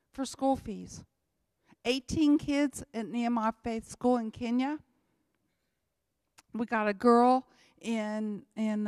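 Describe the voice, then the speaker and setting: Woman, church testimony speaker, emphatic and repetitive, slightly high, dry mic. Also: darkish tone, no echo. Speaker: missionary speaker.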